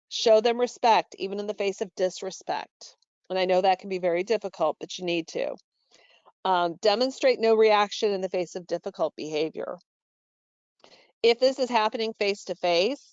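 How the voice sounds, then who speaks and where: A woman's voice: mid-range voice, a little mellow, no echo, muffled recording. Woman leading a staff training call. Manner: instructive, with frequent fillers and self-corrections. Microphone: call microphone.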